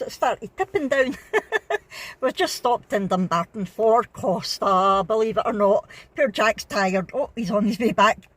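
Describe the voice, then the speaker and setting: A woman's voice: medium pitch, no echo. A Scottish woman, middle-aged, chatting casually to camera in a family vlog, rambling with lots of ums and little laughs. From Scotland. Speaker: vlogger.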